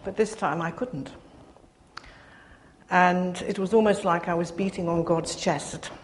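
An older woman giving a personal testimony to a gathering, speaking earnestly with pauses and restarts. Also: fairly low pitch, fairly even intonation. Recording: reverberant hall, faint background noise.

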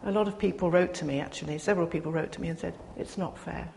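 An older woman giving a personal testimony to a gathering, speaking earnestly with pauses and restarts. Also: on the low side, fairly even intonation, creaky, darkish tone. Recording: reverberant hall, faint background noise.

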